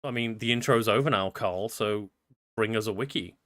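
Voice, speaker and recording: A man's voice: lowish voice, normal speed, a bit bright. A young man co-hosting a casual podcast, chatty, running through the show plugs. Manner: chatty, reads promo plugs in a customer-service cadence. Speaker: podcast co-host.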